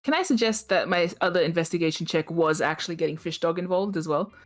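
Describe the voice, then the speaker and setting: A woman's voice: lowish voice, fast, soft background music. A woman playing in a tabletop game, chatting casually and joking with her group. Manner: playful and joking, laughs often. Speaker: player.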